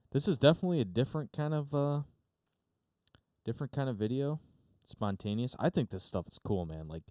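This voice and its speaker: Broadcasting live from his home studio via a desk mic routed through a mixer, a man with a deep, mellow voice hosts an unscripted podcast without any echo. He rambles along, swearing casually and filling gaps with fillers.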